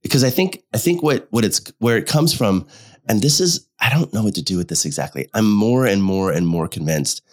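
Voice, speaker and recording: Low-voiced guy musing on couples therapy, stops and restarts a lot, bit under the weather. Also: animated. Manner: thoughtful, halting, restarts phrases while explaining. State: slightly unwell. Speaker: couples therapist, podcast co-host. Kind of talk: casual podcast discussion.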